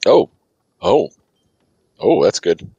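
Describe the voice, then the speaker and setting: A man's voice: low-pitched, very animated, takes it slowly, dark tone, slightly rough, no echo, muffled recording. A man playing a tabletop game, chatting in an easygoing, amused way. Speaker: player. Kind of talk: casual tabletop game chat.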